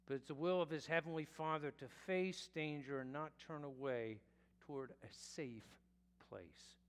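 A male pastor preaching a sermon in a slow, deliberate way, sometimes correcting himself mid-phrase. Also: on the high side, smooth. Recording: long reverb of a church hall.

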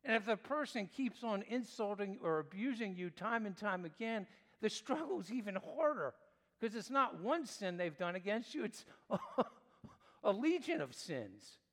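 Male pastor, sermon delivery, emphatic and dynamic, fairly high voice, long room reverb. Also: very animated, unhurried. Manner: emphatic preaching with wide swings in pitch and loudness.

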